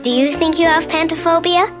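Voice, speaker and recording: A woman voicing a bossy young girl who hands out brisk, know-it-all advice, in a clip from a cartoon special. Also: extremely high pitch, steady tone. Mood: lecturing. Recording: dull clip with music behind.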